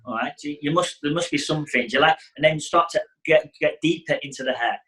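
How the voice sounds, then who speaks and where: A man's voice: on the high side, fast, hardly any pauses, sharp tone, low-quality recording. Chatty man teaching hairdressing. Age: middle-aged. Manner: chatty, acts out client dialogue. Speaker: hairdressing educator. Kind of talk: casual teaching talk.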